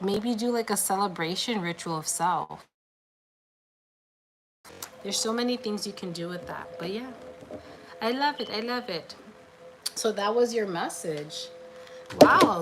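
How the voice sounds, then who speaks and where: A woman's voice: medium pitch, animated, measured pace, long pauses, over music. A woman giving a casual, encouraging tarot reading on a livestream, chatty and full of filler "like"s. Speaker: tarot card reader.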